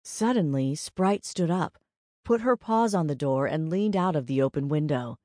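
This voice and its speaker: A woman with a low voice reads an audiobook in a measured, steady way. The sound is dry and close, with no room in it. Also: dry recording. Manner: measured, even storytelling. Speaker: audiobook narrator. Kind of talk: scripted narration.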